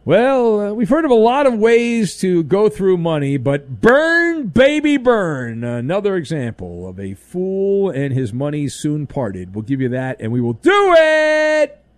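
Man, sports radio host, sarcastic rant, high voice, very animated, dry close sound. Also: measured pace, few pauses, no room sound. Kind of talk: opinionated sports talk monologue.

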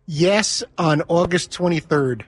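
A man's voice: a little high, slow, breathy edge, faint music behind. A man on a sports talk show crew, joking playfully in casual banter.

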